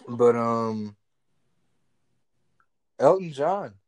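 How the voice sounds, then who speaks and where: A young man co-hosting a podcast in casual, animated chat, joking and swearing freely. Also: mid-range voice, very slow, no room sound. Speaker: podcast co-host.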